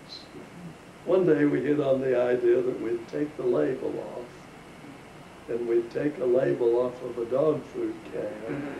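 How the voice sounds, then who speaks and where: A man's voice: mid-range voice, vocal fry, warm tone, dull audio. An older man telling a chuckling, folksy story from his life to family. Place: living room with family listening. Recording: roomy home recording, distant mic, faint hiss.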